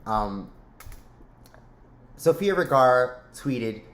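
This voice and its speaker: Chatty joking male vlog host, mid pitch, echoey room. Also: lively intonation, drawn-out words, a bit bright. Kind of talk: casual commentary. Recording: roomy echo.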